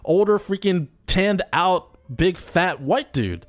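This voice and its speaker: A man in casual chat, telling a story in an animated and profane way. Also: high voice, slow.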